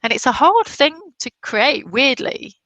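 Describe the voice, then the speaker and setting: A woman's voice: high voice, very animated, a little slow, fairly bright tone, no room sound. Chatty woman with a Black Country accent. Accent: Black Country English, softened. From Black Country, England. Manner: chatty, laughs often, many restarts. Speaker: guest. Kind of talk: casual interview chat.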